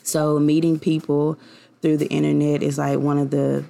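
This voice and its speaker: A woman's voice: sits low, level tone, moderate pace, creaky, warm tone. A young woman hosting her own podcast, talking in a casual, rambling and heartfelt way with many fillers. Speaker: podcast host. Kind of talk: casual personal podcast monologue.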